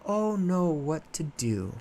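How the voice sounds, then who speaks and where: Lovesick moon goddess, high and whiny, put on by a man, overdone despair. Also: sing-song, slow, dark tone, a little hiss or hum, exaggerated voice. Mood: distraught. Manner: whiny, melodramatic lament.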